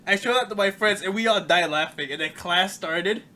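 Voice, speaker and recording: Laughing, swearing young man, bright voice. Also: high voice, normal speed. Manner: laughs often, swears, loose rambling stories. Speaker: podcast host. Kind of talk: casual chat.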